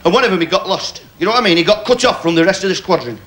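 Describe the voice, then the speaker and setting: A man's voice: sits high, expressive, very fast, fairly bright tone. A man from Sheffield with a Yorkshire accent, telling jokes on stage in broad dialect with put-on voices. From Sheffield, England. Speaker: stand-up comedian. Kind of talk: stand-up joke telling on a TV game show. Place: TV studio stage. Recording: studio audience laughter behind.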